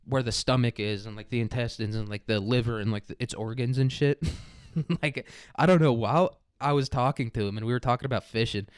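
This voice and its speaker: A man's voice: mid-range voice, a little fast, clean tone, no room sound, clean studio sound. A young man from the American Midwest hosting a podcast in a crude, rambling comedy monologue, laughing often. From Kansas City area, American Midwest. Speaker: podcast host.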